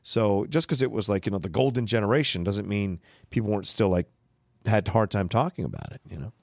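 Low-voiced man musing on films. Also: fast talker, dry recording, clean studio sound. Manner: rambling, thinks out loud with fillers. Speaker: podcast co-host. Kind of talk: casual film review chat.

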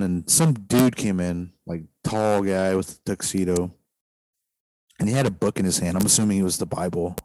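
A man with a fairly low voice tells a story in a loose, rambling way, leaning on "like" every few words. The sound is dry and close, with no room echo. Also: fairly even intonation, moderate pace, dark tone. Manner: rambling, heavy use of "like" fillers. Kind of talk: casual storytelling.

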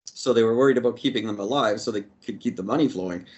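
A man's voice: fairly low pitch, fast, darkish tone, dull audio. A man co-hosting a casual chat over a video call, dropping wry quips. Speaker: podcast co-host.

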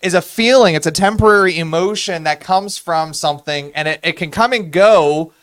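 A man with a fairly high voice co-hosts a casual faith podcast. He talks playfully and builds each point by repeating his phrases, like a sermon in conversation. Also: normal speed, a bit bright. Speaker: podcast co-host.

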